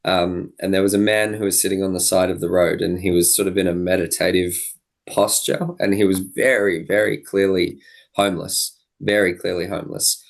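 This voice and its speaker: Podcast guest, young man, low gravelly voice, earnest reflective storyteller. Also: little pitch movement, normal speed. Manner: earnest, thoughtful, with frequent restarts and quoted dialogue.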